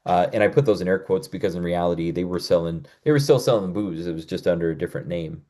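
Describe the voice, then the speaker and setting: A man hosts a history podcast with a lowish, mellow voice. He narrates in a loose, conversational way and often pauses on "uh" between facts. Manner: conversational storytelling with frequent "uh" fillers.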